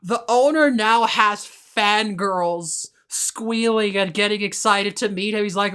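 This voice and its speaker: A woman's voice: mid-range voice, takes it slowly, hardly any pauses, sharp tone, smooth. An enthusiastic woman co-hosts a casual podcast chat. She trips over her opening words and laughs easily as she talks. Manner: enthusiastic, laughs often, repeats words when starting. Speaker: podcast co-host.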